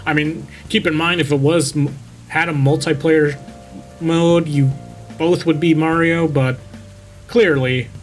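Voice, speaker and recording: A man's voice: a little high, fairly even intonation, unhurried, faint music behind, poor audio. A young man reading a cheesy horror story aloud as a VTuber, constantly stopping to mock it, swearing and picking at its grammar. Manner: mocking, swears freely, interrupts his own reading. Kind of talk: story reading with sarcastic commentary.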